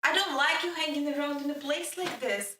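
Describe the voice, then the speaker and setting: A woman's voice: high voice, brisk, pushed and bright, slight background noise. An actress playing a firm, protective mother of a teenage girl. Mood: stern. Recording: echoey room, from a distance.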